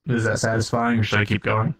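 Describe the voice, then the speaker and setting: A streamer improvises a comedic role-play as God, rambling and swearing and often breaking off mid-sentence. His voice is fairly low, fairly bright, and monotone, he speaks fast, and the recording is low quality.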